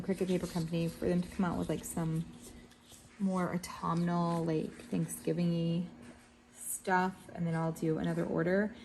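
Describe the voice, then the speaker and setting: Gravelly, chatty woman vlogging. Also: on the low side, warm tone, a little hiss or hum. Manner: chatty, rambling and candid. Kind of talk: casual vlog chat. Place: in her car, then at home. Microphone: phone held at arm's length.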